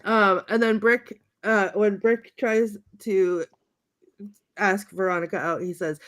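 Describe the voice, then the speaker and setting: A woman's voice: mid-range voice, steady tone, slow pace, a bit bright. Woman laughing through casual podcast chat. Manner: laughs often, acts out quotes with playful voices. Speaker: podcast co-host. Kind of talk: casual chat recounting favorite movie quotes.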